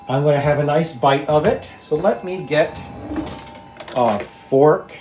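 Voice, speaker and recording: A man hosting a home cooking video, talking slowly and easily to viewers as he plates and tastes a dish in his kitchen. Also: on the high side, echoey room, soft background music. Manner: slow, relaxed, talks to viewers while tasting. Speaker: home cooking show host. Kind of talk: casual cooking demonstration.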